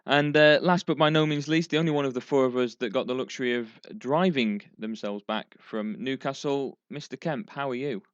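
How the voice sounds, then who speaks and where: A man with a smooth, resonant voice hosting a casual football podcast. He introduces topics and people in an upbeat presenter's manner. The sound is dry and slightly dull. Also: medium pitch, fairly quick, hardly any pauses, no room sound. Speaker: podcast host.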